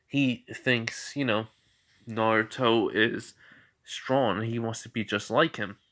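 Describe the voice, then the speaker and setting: A sleepy man talks through a story off the cuff, in a voice of ordinary middle pitch. He keeps stopping to correct himself, filling the gaps with um and like. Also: steady tone, slow pace, a bit bright. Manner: rambling, self-correcting, many fillers. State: tired, yawning. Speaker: fan storyteller. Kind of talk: unscripted casual storytelling.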